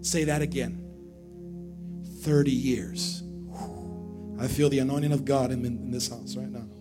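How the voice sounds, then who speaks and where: A man's voice: mid-range voice, steady tone, unhurried, loud music behind the voice. A male pastor preaching to his church, firing questions at the congregation and repeating phrases. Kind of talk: lively sermon with call-and-response. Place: church service.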